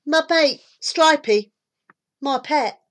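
A woman voicing an eager, bold young girl in a storybook reading, with an earnest, excited manner. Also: high voice, slow pace, voice pushed up.

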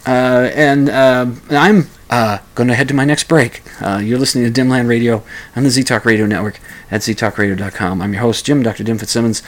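A man's voice: medium pitch, steady tone, brisk. A man hosting a talk radio show, telling a story in a rambling way, with stammered restarts and chuckling asides. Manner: acts out quoted lines in a raised voice.

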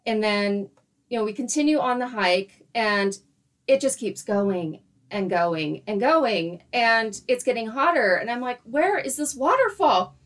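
Animated woman telling a story. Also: medium pitch, unhurried. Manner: animated, laughing often, acts out her own quotes. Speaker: guest storyteller. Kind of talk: casual storytelling chat.

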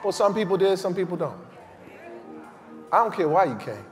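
A man preaching a shouted revival sermon, calling on the congregation to repeat his lines. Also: high-pitched, big pitch swings, normal speed. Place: church service with a crowd. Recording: live church mic with music and crowd.

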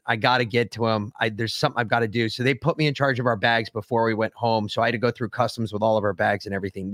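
A man hosting a podcast, telling a crude army story in casual, profane, animated chat. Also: mid-range voice, no room sound, clean studio sound. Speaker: podcast host.

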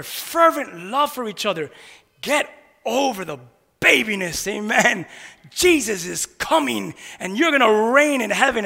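High, bright-voiced shouting preacher. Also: male voice, creaky, big-room sound. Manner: preachy call-and-response, rhetorical "what?" questions; mocking grumblers in mumbled asides. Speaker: pastor. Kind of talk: energetic sermon. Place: church sanctuary.

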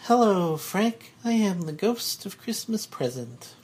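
A man's voice: high-pitched, very animated, slow, slight background noise, pitched above the performer's own voice, exaggerated voice. Man doing a sing-song fairy lady. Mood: sweet. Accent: delicate British. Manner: sugary and serene, scolding gently. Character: sweet, chirpy female fairy spirit. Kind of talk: script reading.

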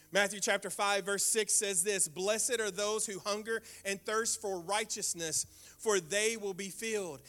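An older man, a pastor, preaching a sermon with animated storytelling and sudden exclamations. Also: sits high. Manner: animated storytelling with sound effects and prayer.

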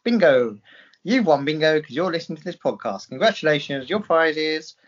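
A man's voice: a little high, big pitch swings, brisk, muffled recording. A man putting on a cheery Cockney geezer with a Cockney accent, reeling off sing-song bingo-caller patter. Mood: cheeky.

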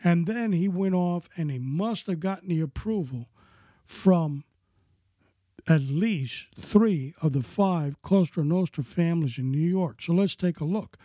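A man's voice: fairly high pitch, a little slow, dark tone, no echo, clean studio sound. A man narrating crime history in a casual, speculative storytelling way, with frequent conversational asides.

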